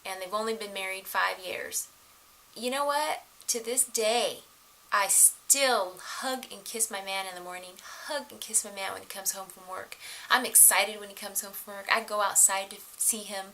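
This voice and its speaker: A middle-aged woman giving casual relationship advice to the camera, animated and laughing often as she acts out the voices of others. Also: medium pitch, normal speed, slight background noise, poor audio.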